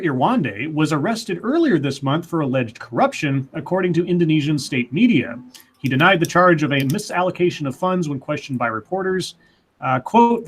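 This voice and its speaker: A man with a fairly high voice reads news articles aloud on a live stream. Between passages he drops dry, sarcastic comments. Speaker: news segment co-host. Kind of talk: reading and commenting on news on a livestream.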